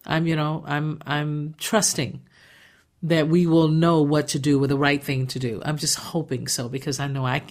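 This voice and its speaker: A woman hosting a radio talk show, chatty and emphatic, often restarting her sentences. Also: low voice. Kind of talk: casual radio chat. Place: radio studio.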